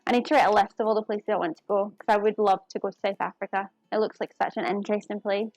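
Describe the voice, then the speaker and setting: A woman speaks fast in a mid-range, darkish voice with fairly even intonation, chatting casually to her live-stream audience while cooking in her home kitchen. There's no room sound.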